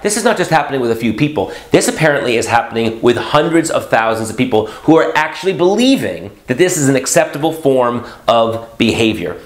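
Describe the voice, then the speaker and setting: Animated sarcastic man in an echoey room. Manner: sarcastic, jokey, with mock voices and sudden loud high bursts. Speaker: motivational speaker. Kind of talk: animated vlog monologue.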